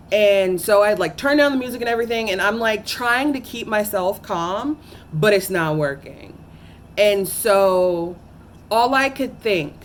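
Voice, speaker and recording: A woman's voice: fairly low pitch, slight background noise. Earnest woman telling a personal story. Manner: earnest and emotional, halting with many fillers and restarts. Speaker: teacher.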